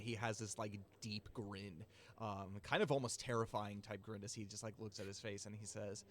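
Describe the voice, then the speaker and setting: A man running a tabletop game as game master, describing scenes in loose, filler-heavy narration and dropping into quick voices for the characters. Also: lowish voice, steady tone.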